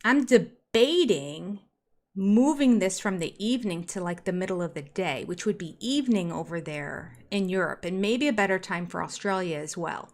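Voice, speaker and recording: A woman's voice: fairly low pitch, moderate pace, a little mellow. A woman in her sixties hosting a casual live stream, reading out viewer comments with little laughs and chatty asides. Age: 60s. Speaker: YouTube host reading live chat.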